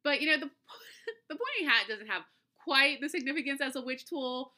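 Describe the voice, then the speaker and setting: A woman's voice: high-pitched, expressive, normal speed, bright, forceful tone. A woman hosting a solo podcast in a casual, chatty way, laughing often and tripping over her words now and then. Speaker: podcast host.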